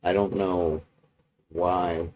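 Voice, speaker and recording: Slow, low-voiced man rambling to camera. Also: little pitch movement, a little mellow, poor audio. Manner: halting and rambling, many restarts and fillers. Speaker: video journal maker. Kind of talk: personal video journal, unscripted.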